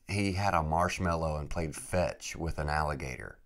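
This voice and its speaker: A podcast host telling a travel story in a laid-back, rambling way, saying "dude" and "freaking" a lot. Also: male voice, a bass voice, moderate pace, few pauses, a bit bright.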